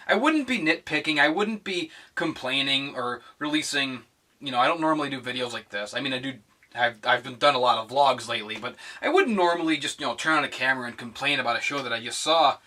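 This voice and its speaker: Animated ranting young man, bright voice. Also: medium pitch, fairly quick, recorded from a distance. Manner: profane, sarcastic, ranting. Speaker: vlogger. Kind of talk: animated rant to camera.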